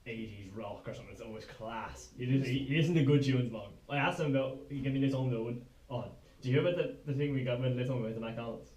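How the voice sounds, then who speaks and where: A young man co-hosting a podcast, bantering quickly with slang and laughter. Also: medium pitch, a little mellow. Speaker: podcast co-host. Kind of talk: casual chat. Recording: echoey room, mic far off.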